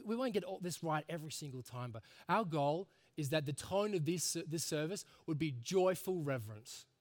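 Earnest pastor preaching, somewhat high voice. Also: male voice. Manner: earnest, conversational preaching with dynamic swings from soft to emphatic. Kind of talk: sermon.

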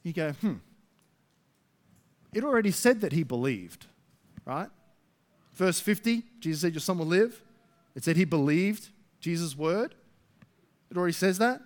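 A man preaching a sermon to his church, emphatic, swinging between loud rising stresses and soft low asides. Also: expressive, measured pace, long pauses. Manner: emphatic, rising to near shouts then dropping soft. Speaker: pastor.

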